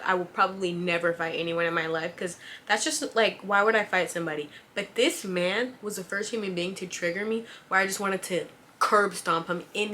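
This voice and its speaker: Young woman, bright, sharp voice, animated slangy storytime. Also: medium pitch. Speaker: vlogger, former cashier. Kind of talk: casual storytime.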